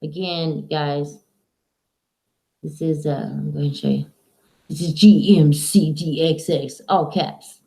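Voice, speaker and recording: A woman's voice: sits low, fairly even intonation, slow pace, vocal fry, long pauses, warm tone, low-quality recording. A woman streaming live from home, chatting in a rambling, casual way to her viewers and her dog.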